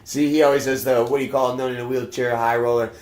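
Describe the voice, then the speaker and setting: Fast-talking man telling a story in a roomy echo. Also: mid-range voice, level tone, a little mellow. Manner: rambling, swears a lot, acts out quoted lines. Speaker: podcast guest. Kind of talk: casual storytelling chat.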